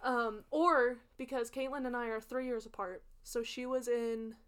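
A woman's voice: on the high side, fairly even intonation, moderate pace, clear, resonant tone. A young woman co-hosting a podcast, casually telling rambling childhood stories with frequent laughter. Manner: rambling anecdotes, laughs often. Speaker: podcast co-host. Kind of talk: casual chat.

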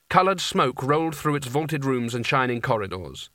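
A man narrating an audiobook in a dry, measured storytelling manner. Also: medium pitch, very animated, bright, forceful tone, no room sound. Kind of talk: scripted narration.

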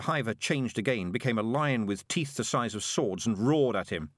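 Guy reading a fantasy novel aloud, really lively voice, dead dry sound. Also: medium pitch, normal speed, few pauses, no room sound. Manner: expressive storytelling. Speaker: audiobook narrator. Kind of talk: scripted narration.

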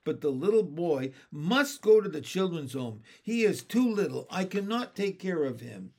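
A man's voice: fairly high pitch, very animated, normal speed, darkish tone. A man voicing a baker's wife in a children's storybook, asking formal, prying questions. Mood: firm. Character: kindly but stern baker's wife.

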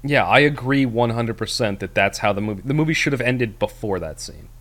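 A man's voice: medium pitch, animated, a little fast, fairly bright tone. A man co-hosting a casual movie review chat, rambling with many fillers and restarts. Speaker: podcast co-host.

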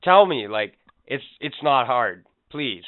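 A man co-hosting a casual podcast chat, calm and wry as he chimes in. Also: medium pitch, slow pace. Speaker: podcast co-host. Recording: tinny phone-like sound.

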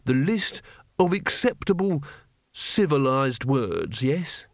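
A man voicing a prim, fussy male schoolteacher who speaks in a precise, deliberate way. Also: medium pitch, very animated, no room sound, studio quality. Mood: lecturing.

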